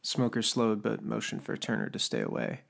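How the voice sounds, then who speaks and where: A man narrating a fiction audiobook in a steady, measured storytelling manner. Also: lowish voice, vocal fry.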